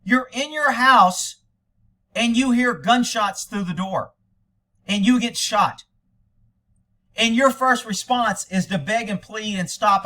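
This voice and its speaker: A man's voice: high-pitched, takes it slowly, long pauses, pushed and bright. An American man giving angry, indignant commentary over police video, ranting at length.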